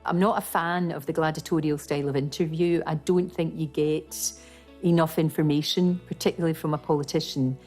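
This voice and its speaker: A woman's voice: sits low, steady tone, brisk, darkish tone, soft background music. A middle-aged woman with a working-class Glasgow accent, chatting through memories of her TV career in a documentary interview. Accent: Glasgow Scottish. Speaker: TV presenter.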